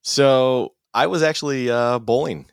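A man's voice: mid-range voice, unhurried, vocal fry, clear, resonant tone, no room sound, studio quality. A man co-hosting a casual sports podcast, chatting in an easygoing way and telling stories. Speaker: podcast co-host.

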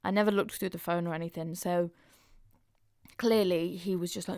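Frank gravelly-voiced woman podcaster. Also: fairly low pitch, fairly even intonation, moderate pace, darkish tone, no room sound, clean studio sound. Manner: frank and open, chatty with frequent fillers. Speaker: podcast host. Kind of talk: casual confessional chat.

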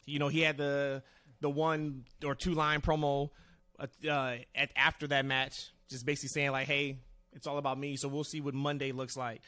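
A man's voice: mid-range voice, normal speed, no echo. A man hosting a wrestling podcast, chatting casually and handing the talk to his co-hosts. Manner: animated, steers the talk to co-hosts. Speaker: podcast host. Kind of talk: casual chat.

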